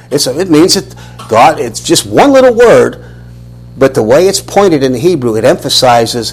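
A man's voice: medium pitch, breathy edge, rough recording. A man, teaching a Bible lesson as a sermon, questioning and restarting often. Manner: animated, questioning, many restarts.

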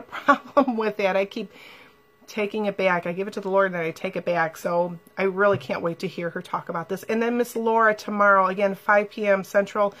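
A woman's voice: mid-range voice, a bit bright. A woman hosting a live stream, talking casually and emotionally to viewers and reading their comments aloud.

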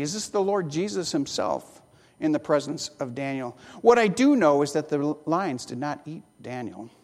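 A preacher delivering a sermon, telling a story with rhetorical questions and wry asides. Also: mid-range voice. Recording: long hall reverb.

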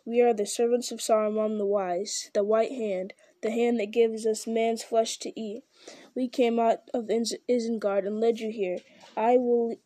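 A woman voicing a brutal male orc captain with a deep growl, barking blunt orders in a storybook reading. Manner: loud, blunt, barked orders.

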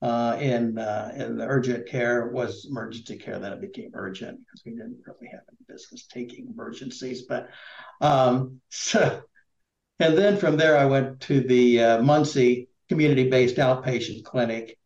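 A man's voice: mid-range voice, normal speed, vocal fry, darkish tone. Middle-aged guy from indiana rambling thru his story, lots of ums, echoey dull call audio. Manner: rambling, many fillers and restarts. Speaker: political candidate guest. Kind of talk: casual interview chat.

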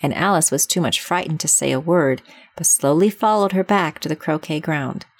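A woman narrating a classic children's storybook in a measured, expressive reading. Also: deep voice.

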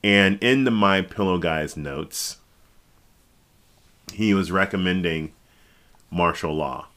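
A man hosting a podcast, giving casual, jokey political commentary that rambles, restarts and breaks into sudden high exclamations. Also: takes it slowly, fairly bright tone. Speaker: podcast host. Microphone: podcast microphone.

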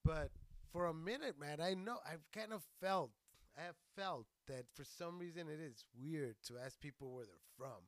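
A man's voice: on the high side, moderate pace, no echo. Crude, rambling man from West Texas. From Socorro, Texas, near El Paso. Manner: rambling, crude and animated, laughing at his own jokes. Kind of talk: profane stand-up style monologue.

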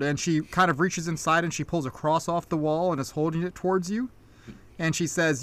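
A game master narrating a tabletop game in a relaxed, descriptive way with fillers. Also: medium pitch, normal speed, no room sound.

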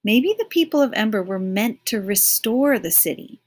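A woman narrating an audiobook chapter in a measured, expressive storytelling manner. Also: on the high side. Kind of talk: audiobook reading of a novel.

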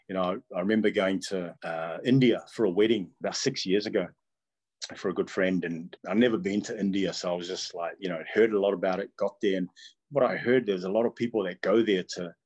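A man's voice: low voice, breathy edge. A middle-aged man from Tonga, telling his life story in an earnest, reflective way and often chuckling as he remembers. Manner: earnest, animated, chuckles often while recalling.

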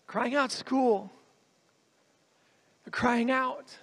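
Male guest preacher, bright and forceful tone, emphatic sermon delivery. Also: sits high, animated, unhurried, long pauses, husky. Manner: earnest, emphatic preaching with repeated phrases. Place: church hall with a congregation.

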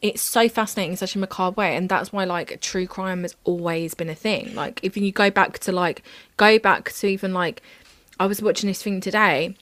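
A woman's voice: mid-range voice, moderate pace, a bit bright, no echo. A woman from England co-hosting a podcast, talking in rambling casual chat. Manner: rambling, lots of fillers and restarts. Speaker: podcast co-host.

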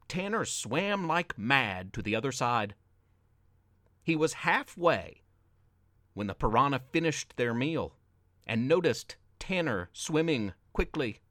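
Slow, animated male storyteller. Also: fairly high pitch, no room sound, clean studio sound. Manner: expressive, dramatic storytelling. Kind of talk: read-aloud story narration.

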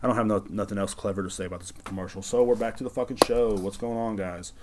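A man with a fairly low voice rants through a solo podcast. His talk is rambling, sarcastic and loaded with swearing. He is from the United States. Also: fairly even intonation, quick pace, darkish tone, slight background noise. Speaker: podcast host. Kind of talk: casual solo podcast rant.

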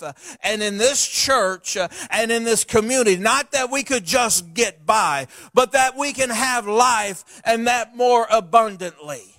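A middle-aged male pastor preaches in a church sanctuary in a folksy, animated way, drifting into chatty asides at an unhurried pace. His voice is high for a man, and the recording is dry and close with little room echo.

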